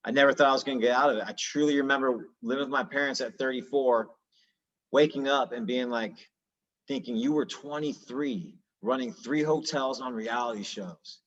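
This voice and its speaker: Man, 30s, mid-pitched, casual and earnest storyteller with slang; slightly muffled recording. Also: moderate pace, fairly bright tone. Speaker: guest telling his sobriety story. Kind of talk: candid personal storytelling.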